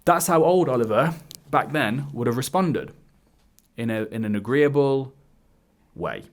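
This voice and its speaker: A man's voice: mid-range voice, expressive, unhurried. A man telling a personal story straight to camera, candidly, with some swearing and acted-out quotes. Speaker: dating coach. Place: indoors, wearing a hood. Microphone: camera mic.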